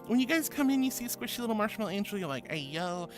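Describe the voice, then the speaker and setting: A VTuber streamer, born in Australia but raised in the US and speaking with an American accent, reads chat aloud quickly in a medium-pitched, sing-song voice. She's sweet, doting, giggly and bubbly, calling viewers "sweetie" and "honey" over background music.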